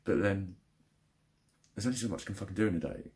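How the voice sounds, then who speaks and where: A young man with a fairly low voice rants into his camera about a bad phone call. He swears constantly, sounds fed up and exasperated, and speeds up or drags out words as his anger rises and falls. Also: fast, darkish tone. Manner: angry, frustrated, heavy swearing. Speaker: vlogger. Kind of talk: ranting vlog.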